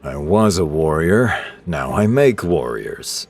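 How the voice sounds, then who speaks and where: A man's voice: low-pitched, sing-song, takes it slowly, darkish tone, soft background music, heavily acted. A man voicing a veteran drill instructor who talks in clipped, dry, unimpressed lines. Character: gruff veteran male drill instructor, unflappable.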